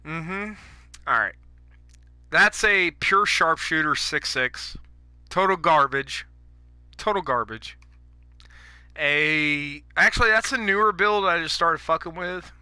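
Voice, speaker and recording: Sharp-voiced man ranting over gameplay. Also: fairly high pitch, slow pace, smooth, no echo. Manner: angry, profane ranting. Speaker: gaming YouTuber.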